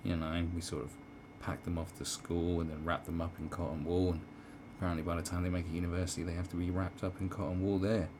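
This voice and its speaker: A man's voice: low voice, level tone, fast, hardly any pauses, noisy background. A middle-aged man with a British accent giving a sarcastic, rambling video commentary, swearing and restarting often. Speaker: commentary vlogger.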